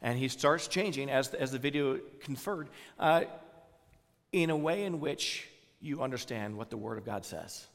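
A man's voice: mid-range voice, normal speed, vocal fry, long reverb tail. A man with a Southern US accent giving an informal sermon, talking conversationally with many fillers and putting questions to the congregation. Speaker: pastor.

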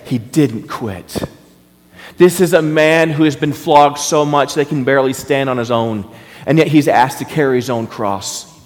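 A man's voice: medium pitch, unhurried. A man preaching an impassioned sermon to his congregation, repeating rhetorical questions. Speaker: pastor. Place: church hall. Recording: reverberant hall.

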